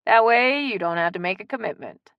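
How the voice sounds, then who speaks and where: A woman doing a brisk, friendly neighbor. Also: mid-range voice, expressive, vocal fry, clear, resonant tone, no echo, dull audio.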